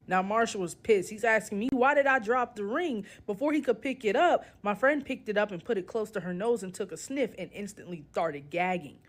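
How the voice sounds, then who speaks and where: A woman calling in to a podcast, telling a comic story in a steady, deadpan way. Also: medium pitch. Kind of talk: reading a comic story aloud.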